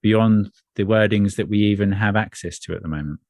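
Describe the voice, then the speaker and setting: Male energy coach, deep voice, dry recording, earnest and measured. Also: a little mellow, no room sound. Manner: earnest, measured, repeats phrases. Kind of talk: spiritual conversation.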